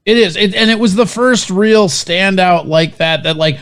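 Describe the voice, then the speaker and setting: A man co-hosting a talk show, chatting casually, crude and excitable, swearing often. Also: high-pitched, normal speed, clean tone. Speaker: co-host. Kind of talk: casual chat.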